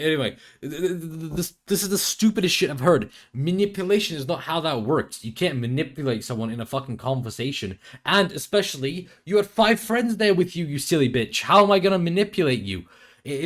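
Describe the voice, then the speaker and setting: A young man reacting to clips in a profane commentary video, sarcastic and mocking, often stumbling over his words. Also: on the high side. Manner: stammering restarts. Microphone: headphones and desk mic.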